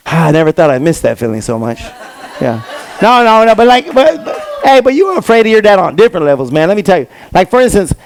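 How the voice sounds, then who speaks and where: A man doing a stand-up comedy set on stage, telling stories with lively quoted voices. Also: high voice, gravelly. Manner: animated storytelling with quoted voices. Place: comedy stage before a live audience.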